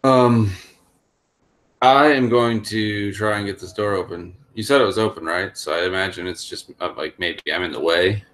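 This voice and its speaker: A man playing a tabletop game, talking in a hesitant, low-key way in casual chat. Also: moderate pace, a bit bright.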